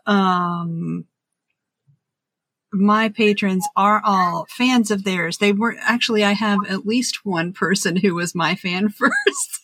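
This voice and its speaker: A woman's voice: medium pitch, sing-song, slow, a bit bright, slightly rough, no echo. A woman from Roanoke hosting a casual chat, gushing and emotional, laughing often. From Roanoke, Virginia. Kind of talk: casual conversation.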